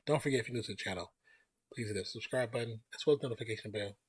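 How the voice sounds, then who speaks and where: Speaking rapid-fire in a fairly low, husky voice with no room sound, a man runs a casual live stream. He rambles in a laid-back way and welcomes each new viewer in chat by name.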